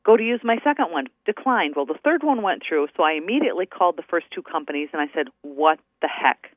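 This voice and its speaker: A woman attorney from New Hampshire calls in as a guest on a radio interview, her lowish voice animated and fast as she chats through stories and acts out the quoted dialogue. The recording is dry, coming over a tinny phone line.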